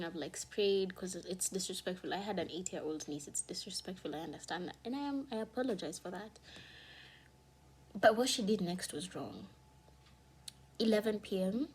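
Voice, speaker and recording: A woman telling a painful personal story in a candid vlog, fighting back tears, her voice shifting from hushed to heated. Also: mid-range voice, breathy edge. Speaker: vlogger.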